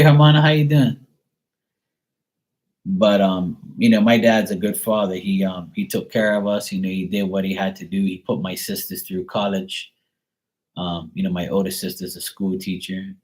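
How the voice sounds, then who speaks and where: Casting note: deep-voiced middle-aged man, blunt, swears freely, loose rambling chat. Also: low-quality recording. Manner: blunt, profane, rambling storyteller. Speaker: tarot reader. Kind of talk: casual live-stream chat.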